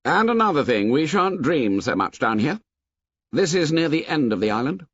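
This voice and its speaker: A man's voice: a little high, sing-song, normal speed, breathy edge, no room sound, pitched above the performer's own voice. A bossy, domineering boy leader, as a male narrator puts him on hands down orders with confident force. The voice is raised well above a man's own, on dull, dry audio. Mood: commanding. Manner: commanding, self-assured.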